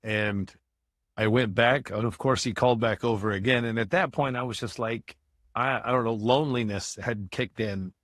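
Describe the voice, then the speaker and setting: A man's voice: medium pitch, normal speed, fairly bright tone, no echo, clean studio sound. A man from Michigan, a guest in a podcast interview, telling his life story in a candid, conversational way. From Michigan, USA. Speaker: guest, motivational speaker.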